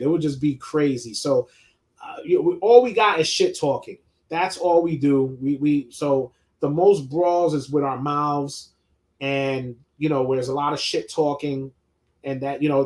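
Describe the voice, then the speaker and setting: A middle-aged man, hosting a loose live chat, reading viewer questions and talking sports with lots of swearing and restarts. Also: on the high side. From New York. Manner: laid-back, swears freely, many restarts and laughs. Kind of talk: casual live-stream chat.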